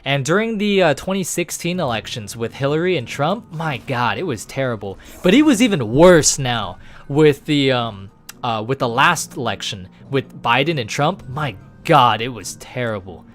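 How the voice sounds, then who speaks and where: A man streaming a game, chatting casually with viewers in a rambling, animated way with casual swearing. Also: medium pitch, moderate pace, faint music behind. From United States. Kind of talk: casual chat with viewers while gaming.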